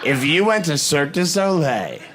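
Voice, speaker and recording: A man from the Boston area performing a stand-up comedy set, telling stories quickly and animatedly, with bursts of shouting. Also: a little high, sing-song, background noise. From Boston area, USA.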